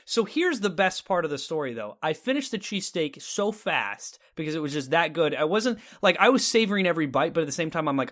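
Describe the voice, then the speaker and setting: A man's voice: on the high side, very animated, brisk, few pauses, fairly bright tone. A man from Texas co-hosting a casual talk show, telling a story animatedly and acting out his own reactions. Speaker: podcast co-host.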